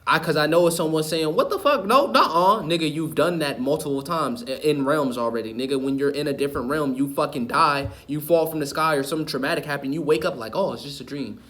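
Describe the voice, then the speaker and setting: A man's voice: fairly high pitch, steady tone, fast talker, hardly any pauses, fairly bright tone. A man ranting to the camera in an impassioned, preachy way, cursing and repeating himself for emphasis. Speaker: online video host. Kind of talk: impassioned spiritual rant.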